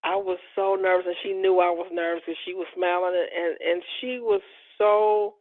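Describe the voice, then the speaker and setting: A middle-aged woman from Chicago, an interior designer telling stories in a casual interview, animated and acting out the dialogue she quotes. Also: fairly low pitch, moderate pace, dry recording. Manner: animated storyteller, acts out quoted dialogue, laughs often. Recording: tinny dry phone-like line.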